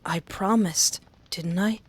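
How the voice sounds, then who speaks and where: A woman voicing a gentle young man who is nervous and guilty, stammering and apologizing in a narrated story. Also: fairly low pitch, slow, a little hiss or hum.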